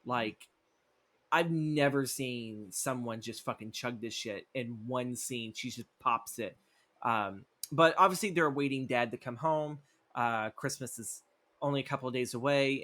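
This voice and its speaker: A man's voice: mid-range voice, fairly bright tone. A man co-hosting a podcast, recapping a movie script in a rambling, profane way and acting out the characters' lines as he goes. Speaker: podcast co-host.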